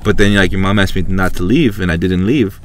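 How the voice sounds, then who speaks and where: A man's voice: sits low, a little fast, slight background noise. Rambling, profane man hosting a podcast. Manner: rambling, filler-heavy and profane. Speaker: podcast host. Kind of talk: casual chat. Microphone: podcast microphone.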